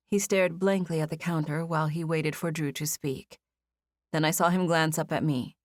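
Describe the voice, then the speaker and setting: A woman narrating a first-person novel as an audiobook. She reads in an even, measured storytelling manner, her voice sitting fairly low. The studio sound is dry and close-miked. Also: dry recording.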